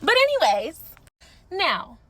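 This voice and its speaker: A woman's voice: very high voice, wildly swooping pitch, slow pace, a bit bright. A woman heatedly calling someone out to camera, sassy and cursing, mocking him as she goes. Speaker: social media creator in a feud.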